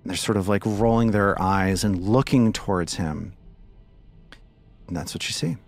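A man's voice: on the low side, normal speed, soft background music. A man casually narrating a scene as game master of a tabletop game. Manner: casual descriptive narration with fillers.

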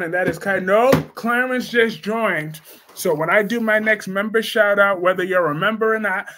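A young man hosting a casual soap opera live stream, chatting and laughing as he reads viewer comments in a slangy, animated way. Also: high voice. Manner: animated, laughing, slangy, reacts loudly to chat.

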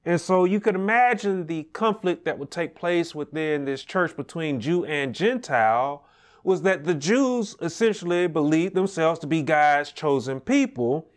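A man teaching a Sunday school Bible lesson, measured and repetitive, checking in with "right?" as he explains. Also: fairly high pitch, lively intonation. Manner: measured, repeats key points, asks "right?".

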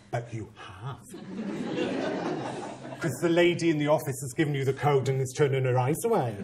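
A man who is a head teacher, giving a conference talk and telling a story with humor and animated, self-mocking asides. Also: high-pitched.

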